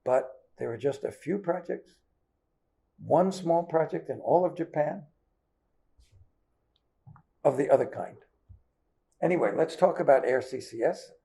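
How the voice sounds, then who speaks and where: A man's voice: a little high, lively intonation, measured pace, creaky, long pauses, mellow. An older man giving a conversational seminar lecture in a lecture hall, talking through his slides. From United States. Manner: conversational, checks in with the audience. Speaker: guest lecturer.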